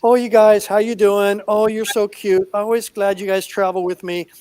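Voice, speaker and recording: A man's voice: very high voice, racing, dry recording, pitched above the performer's own voice, poor audio. A man voicing a tipsy woman lawyer who coos and dotes over her pets. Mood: cooing.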